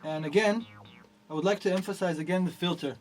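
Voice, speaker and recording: A man with a fairly high voice delivers a rambling review of a piece of gear. His speech is loose and full of fillers, and he shifts from low mutters to exasperated, swearing outbursts. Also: fairly quick, soft background music. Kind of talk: ranting product review.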